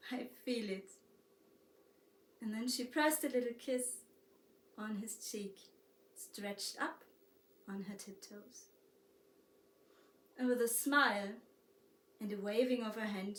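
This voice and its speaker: A woman with a German accent narrating a storybook tale slowly and softly, as a harpist and storyteller. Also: mid-range voice. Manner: slow, soft-spoken storytelling. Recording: roomy echo, distant mic.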